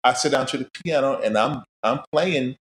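Middle-aged man, podcast guest, casual and animated storyteller, acts out old conversations, roomy echo, medium pitch. He talks about himself in a friendly, lively manner. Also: moderate pace.

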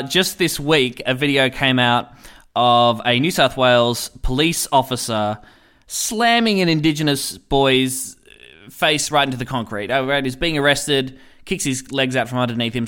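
A man's voice: mid-range voice, normal speed, fairly bright tone, clean tone. A man hosting a satirical comedy podcast, delivering sarcastic, mock-earnest commentary and chuckling through his jokes.

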